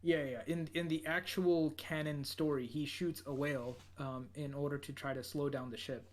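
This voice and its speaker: Higher-voiced man recapping with many fillers. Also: fairly even intonation, normal speed. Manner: rambling, many fillers and restarts. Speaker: podcast co-host. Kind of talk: casual podcast recap.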